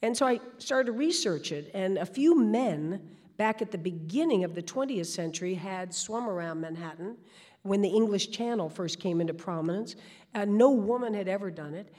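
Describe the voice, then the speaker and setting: A woman, telling stories as a guest in an animated way and often restarting her sentences. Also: medium pitch, normal speed. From New York. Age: 60s. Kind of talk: storytelling.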